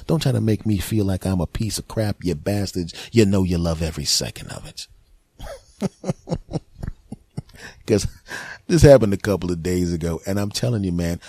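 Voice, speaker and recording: A man with a fairly low voice hosts a solo comedy podcast, ranting through a story with animated, mock-outraged energy. He slips into quick put-on voices along the way. The sound is dry and close, with no room around him. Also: gravelly, husky, dry recording. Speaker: podcast host.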